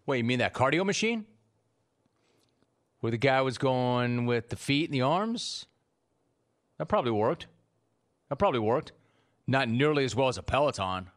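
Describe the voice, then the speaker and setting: A man's voice: mid-range voice, fairly bright tone. A man hosting a sports radio call-in show, ribbing his producer in a teasing, exasperated way. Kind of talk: animated radio talk show banter.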